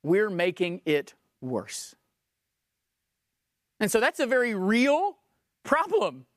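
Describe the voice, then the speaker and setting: A woman's voice: medium pitch, wildly swooping pitch, slow pace, no room sound. Woman preacher, emphatic sermon delivery with rhetorical questions, dry close sound.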